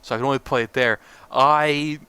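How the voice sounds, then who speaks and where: A young man co-hosting a podcast, chatting casually about games in a relaxed, rambling way. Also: medium pitch, normal speed, clear, resonant tone, dry recording. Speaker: podcast co-host. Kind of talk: casual gaming chat.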